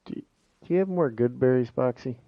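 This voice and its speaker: A man's voice: medium pitch, brisk, dry recording. A man playing a tabletop game, bluntly questioning a prisoner in character. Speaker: player. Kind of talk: tabletop game play over voice chat. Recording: dull lo-fi mic.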